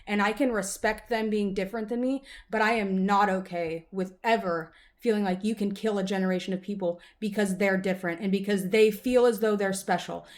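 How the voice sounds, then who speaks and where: A woman vlogger who reads a text aloud haltingly and breaks off into rambling, profane talk. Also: mid-range voice. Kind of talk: reading aloud and casual ranting.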